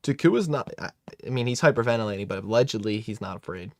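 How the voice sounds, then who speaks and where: A man's voice: lowish voice, fairly even intonation, rapid-fire, dry recording. A man hosting a live watch-along, giving casual, joking commentary with chuckling asides.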